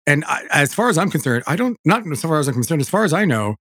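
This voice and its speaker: A man hosting a podcast, talking in an animated, chatty way that keeps breaking off and restarting. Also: fairly high pitch, fast talker, slightly rough, no room sound, clean studio sound. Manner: animated, self-interrupting, chatty. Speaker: podcast host. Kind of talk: casual chat.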